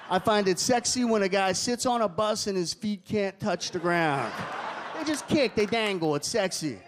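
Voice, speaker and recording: Stand-up comic, male, higher voice, animated delivery, live club mic with an audible noisy room. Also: normal speed. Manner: animated, punches lines up with shouts. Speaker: stand-up comedian. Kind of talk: stand-up comedy set. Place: comedy club stage with live audience. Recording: club crowd laughter and room noise.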